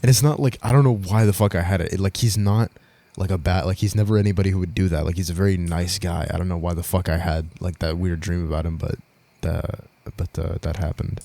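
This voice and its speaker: A man's voice: low voice, fairly even intonation, fast, vocal fry, few pauses, dark tone, no room sound. A young man co-hosting a podcast, telling a story in casual chat, rambling, swearing a lot and laughing as he goes. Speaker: podcast co-host.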